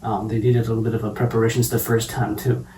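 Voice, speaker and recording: A man's voice: fairly low pitch, level tone, fast, dark tone, a little hiss or hum. Man talking from a distance in an echoey room. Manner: questioning, many fillers and restarts. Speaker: podcast co-host. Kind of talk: casual book discussion. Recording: roomy, distant mic with faint ambience.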